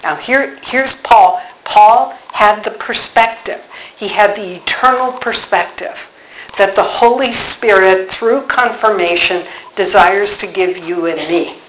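An older woman, a religious sister, teaching on scripture in an earnest, unhurried way, reading verses slowly and dwelling on key words. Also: mid-range voice, fairly bright tone, echoey room, a little hiss or hum, poor audio. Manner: reads scripture slowly, then speaks with earnest conviction.

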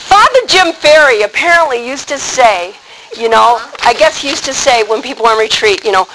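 A woman's voice: high-pitched, lively intonation, brisk. A woman giving an informal retreat talk to a live group, chatty and conversational, acting out little scenes for her listeners. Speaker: retreat speaker. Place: meeting room with a live group. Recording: noisy room recording.

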